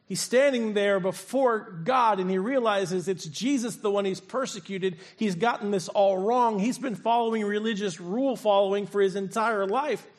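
A male pastor preaching a sermon, retelling a scripture story and acting out its voices. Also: sits high. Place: church sanctuary.

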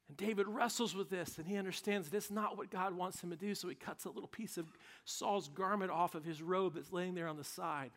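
A man's voice: high voice, brisk, fairly bright tone. A man preaching a sermon, telling a story with vivid drama and humorous asides. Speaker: pastor.

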